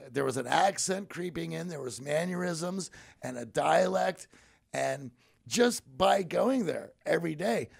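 Gravelly man from Pittsburgh. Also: fairly high pitch, a little mellow. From Pittsburgh, USA. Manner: earnest, reflective, tells stories with asides. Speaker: guest. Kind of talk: conversational storytelling.

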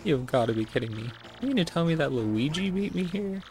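A gamer voicing a boastful, brutish turtle king villain with loud, huffy delivery. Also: medium pitch, lively intonation, brisk, a little hiss or hum, natural voice. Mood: indignant.

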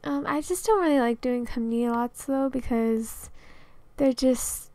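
A woman's voice: high-pitched, normal speed, mellow, dry recording. A young woman chatting casually over a game video, rambling with lots of fillers and little laughs. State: out of breath. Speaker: Sims builder and video creator.

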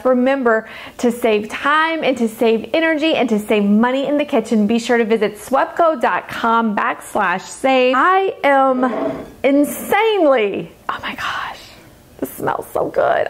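Gushing, bubbly woman host. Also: a little high. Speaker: dietitian cooking show host. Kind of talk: cooking demonstration.

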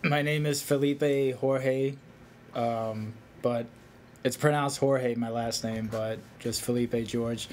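A man's voice: mid-range voice, steady tone, takes it slowly, darkish tone, slight background noise. A man from Massachusetts, a filmmaker guest, chatting casually, joking and stumbling a little over his words. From Massachusetts, USA. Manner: loose, joking, slightly stumbling. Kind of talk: casual interview chat.

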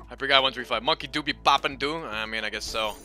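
A man streaming a game, rambling and swearing, swinging between loud outbursts and low mumbling. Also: a little fast. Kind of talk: casual live-stream commentary. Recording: faint game music behind.

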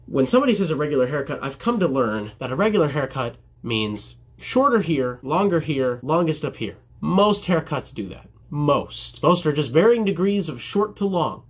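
A man's voice: fairly high pitch, very animated, normal speed, few pauses, slightly rough. A young man, a barber, answering viewer questions in a casual vlog, joking at his own expense and mimicking his customers. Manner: jokey, self-deprecating, mimics customers.

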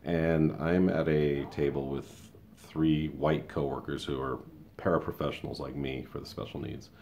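Very deep-voiced man in his fifties. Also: flat delivery, moderate pace, a little mellow, slight background noise. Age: 50s. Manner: rambling, conversational storytelling with many asides. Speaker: school paraprofessional and show host. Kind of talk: casual opinion monologue.

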